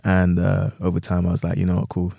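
A man's voice: low-pitched, monotone, quick pace, vocal fry, dark tone, breathy edge, dry recording, studio quality. A young man from London with a London accent, chatting easily as a podcast guest. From London, England. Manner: laid-back, easygoing, uses London slang. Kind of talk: casual podcast chat.

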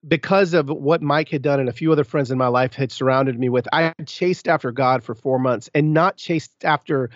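A man telling his story as a podcast guest, candid and emphatic, with quick restarts and sudden emphatic bursts. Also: medium pitch, no room sound, dull audio.

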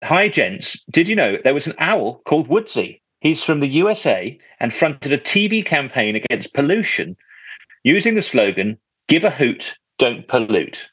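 A man's voice: on the high side, sing-song, normal speed, a bit bright, husky, no echo, dull audio. A man hosting a casual podcast, reading out listener letters with a jokey, teasing manner. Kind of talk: casual chat.

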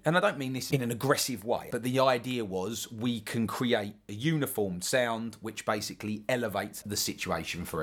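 A man's voice: on the low side, breathy edge. A man with a London accent, talking through ideas in a casual discussion, reflective and rambling with asides.

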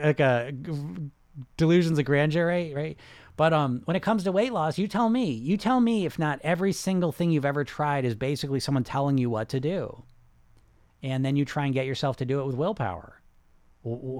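A man's voice: on the high side, dry recording. A middle-aged man, a weight-loss coach hosting a casual live question-and-answer talk, rambling with many restarts in an emphatic, salesy way.

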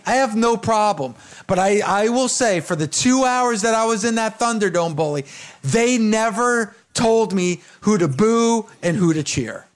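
A man's voice: sits high, normal speed. A man co-hosting a casual talk show, telling an emphatic first-hand story and acting out what others said. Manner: emphatic storyteller, acts out quotes. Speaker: co-host. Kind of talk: casual chat.

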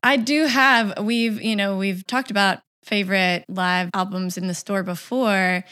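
A woman's voice: mid-range voice, steady tone, unhurried, bright, forceful tone, smooth. Easygoing laughing woman co-host. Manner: laughing, self-deprecating, easygoing. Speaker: podcast co-host. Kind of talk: casual music chat.

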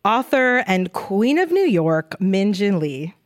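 A woman's voice: mid-range voice, sing-song, slow pace, a little hiss or hum. A woman co-hosting a live stage conversation, speaking in an emotional, effusive and joking way. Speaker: podcast co-host. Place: stage before a live audience.

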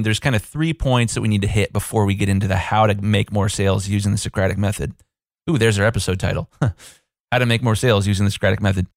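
A man in his thirties with a lowish voice talks through a casual podcast episode as a business coach. He is chatty and self-deprecating, and he tosses in quick asides. The recording is dry and close, with no room sound. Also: no echo.

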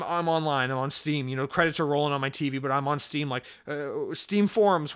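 Animated, bright-voiced gaming podcast host. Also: male voice, a little high, fast talker, smooth. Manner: animated, swearing, exclaims. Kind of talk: casual gaming podcast chat.

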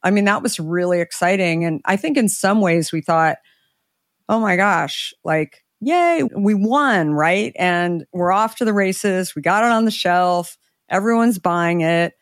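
A middle-aged woman, an interview guest, telling a story in a conversational way, animated and acting out the dialogue she quotes. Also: on the low side, unhurried, no room sound, clean studio sound.

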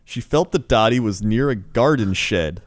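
A man's voice: on the low side, lively intonation, moderate pace, no room sound, studio quality. A man co-hosting a casual comedy talk show, reading odd news stories aloud and laughing often.

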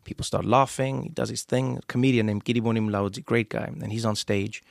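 A man with a South African accent, hosting a casual conversation and telling stories with lively acted-out quotes. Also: fairly low pitch, a little fast, creaky, no echo, clean studio sound. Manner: animated storyteller, acts out quoted voices. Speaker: podcast host.

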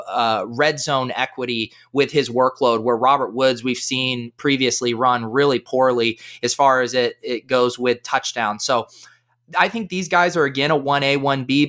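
A man giving fantasy football analysis as a guest in a casual podcast chat, talking with energy. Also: medium pitch. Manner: energetic, fast-flowing analysis.

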